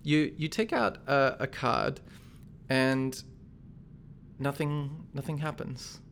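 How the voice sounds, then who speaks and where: A man narrating a tabletop game as game master, relaxed and chatty, often laughing. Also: mid-range voice, slow pace, vocal fry, slight background noise.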